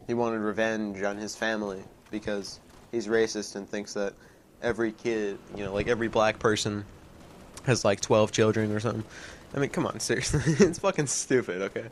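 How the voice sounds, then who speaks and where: Young guy ranting on a commentary vid, lowish voice, lots of "you know" and swearing, bit of hiss behind. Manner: swearing, rambling, filler-heavy, laughs often. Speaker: video commentator.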